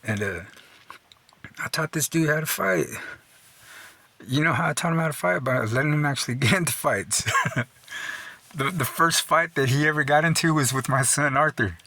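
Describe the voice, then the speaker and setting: A man's voice: fairly high pitch, normal speed, long pauses, bright, forceful tone, no room sound. A middle-aged man telling stories in a loose, profane way, full of "dude" and "you know", chuckling along. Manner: chuckles through his own stories. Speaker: storyteller host. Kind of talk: casual storytelling.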